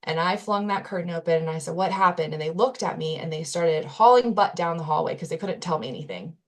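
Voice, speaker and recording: A woman with a lowish voice for her sex talks through a personal story as a podcast guest. She sounds earnest and candid, with casual fillers and self-corrections along the way. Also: lively intonation, fast talker. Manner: earnest, candid retelling with frequent "like" and restarts.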